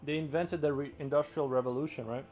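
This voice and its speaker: A man's voice: fairly high pitch, steady tone, fast talker, a little mellow, a little hiss or hum. A man chatting casually on a live stream, rambling and using "like" a lot. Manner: rambling, heavy filler "like".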